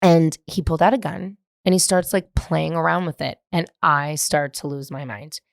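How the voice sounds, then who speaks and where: A woman in her thirties from San Francisco, hosting her podcast and telling a story in a candid, animated, profane way. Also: deep voice, moderate pace, vocal fry, no room sound, studio quality. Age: 30s. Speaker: podcast host. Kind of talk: casual storytelling monologue.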